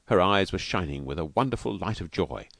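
A man reading a novel aloud as an audiobook with expressive delivery. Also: deep voice, a little fast, creaky, no room sound. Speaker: audiobook reader. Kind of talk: audiobook narration.

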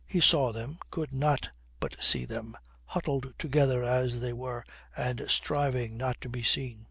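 Brief: male audiobook reader, husky, dry close sound. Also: medium pitch, fairly even intonation, a little slow, fairly bright tone, no echo. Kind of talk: audiobook narration.

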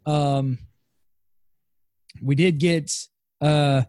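A man with a slightly high voice chats through a TV episode recap on a podcast. He laughs often, swears freely and keeps things loose. The sound is close and dry, with no room around it. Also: extremely slow, dry recording. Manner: animated, laughing, swearing, quoting characters. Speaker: podcast co-host. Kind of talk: casual TV recap chat.

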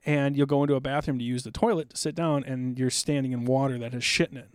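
A man's voice: medium pitch, steady tone, fast, a little mellow, clear, resonant tone, no room sound, studio quality. A middle-aged man from South Dakota, a podcast guest telling stories in an intense, amped-up, blunt and profane way. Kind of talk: casual storytelling.

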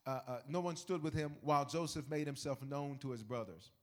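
A male preacher giving a lively, colloquial sermon, often shouting and laughing as he builds to his points. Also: on the high side, fairly quick.

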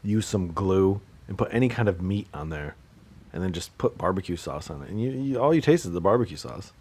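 A man with a deep, husky voice hosts a solo podcast. He rambles through sarcastic, joking rants and now and then bursts out loudly. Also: lively intonation, fairly quick. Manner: sarcastic, joking rants with sudden loud outbursts. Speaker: podcast host.

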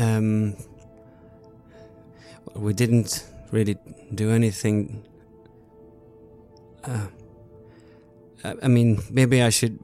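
A man's voice: lowish voice, darkish tone. A man playing a tabletop role-playing game in character, stammering and hesitant. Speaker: player.

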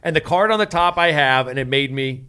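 A man hosting a comedy podcast, bossy and exasperated, repeatedly telling the others to slow down. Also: a little high, animated, sharp tone, smooth. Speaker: podcast host. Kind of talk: casual comedy podcast banter.

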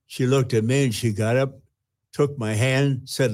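An older man, a retired pastor, earnestly telling his personal testimony with halting restarts. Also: mid-range voice, steady tone, darkish tone.

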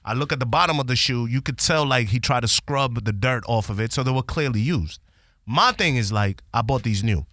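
A man hosting a podcast, animated and profane as he retells a story in casual slang. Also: mid-range voice, brisk, no echo, clean studio sound.

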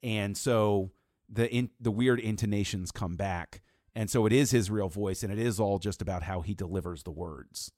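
A man with a somewhat low voice, talking through a film in a relaxed podcast chat. He reasons step by step, restarting sentences as he builds each point. The sound is dry and close, with no room around it. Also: normal speed, no echo. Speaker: podcast co-host. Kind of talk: casual podcast discussion.

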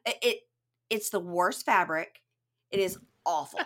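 A woman's voice: lowish voice, a little slow. A woman co-hosting a casual podcast, retelling a show's scenes and acting out the lines with laughs. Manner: retells scenes in lively voices, laughs often. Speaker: podcast co-host recapping a reality show. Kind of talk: casual chat.

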